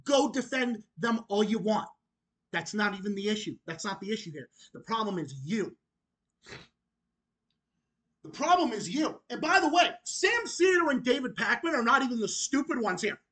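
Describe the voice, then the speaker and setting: A man's voice: high-pitched, very animated, a little fast, sharp tone. A man vlogging an angry, profane rant at his commenters, repeating himself often. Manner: profane, repetitive, heated ranting.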